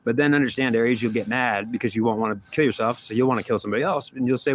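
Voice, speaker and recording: A man delivers a monthly astrology reading in a dramatic, rambling monologue. His voice sits in an ordinary middle pitch, and he slips into imagined back-and-forth dialogue. A faint hum of background noise stays under him. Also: rapid-fire, hardly any pauses. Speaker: astrology reader.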